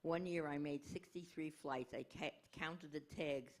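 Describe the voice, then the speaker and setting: A woman's voice: low voice, normal speed. A woman in her eighties speaking frankly and wryly as a panel guest. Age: 80s. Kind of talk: reflective panel talk.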